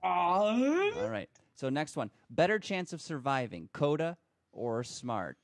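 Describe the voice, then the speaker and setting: Lively joking quizmaster man. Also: fairly high pitch, takes it slowly, no echo, studio quality. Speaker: podcast host running a quiz round. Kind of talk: casual panel chat.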